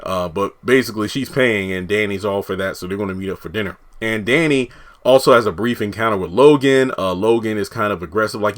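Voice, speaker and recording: A man's voice: fairly low pitch, a little fast. A man, a TV reviewer, casually recapping an episode, rambling and correcting himself as he quotes the characters.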